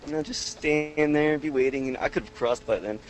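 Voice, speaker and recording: Young male podcast co-host with a slightly high voice, animated and jokey. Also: fairly quick, a little hiss or hum, rough recording. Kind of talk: casual chat, reading listener stories.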